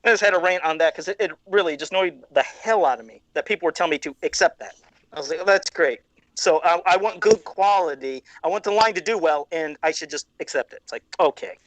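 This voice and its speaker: A man's voice: on the high side, quick pace. A man co-hosting a podcast over a video call, ranting angrily and swearing often. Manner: angry, profane ranting. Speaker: podcast co-host. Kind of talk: ranting casual chat.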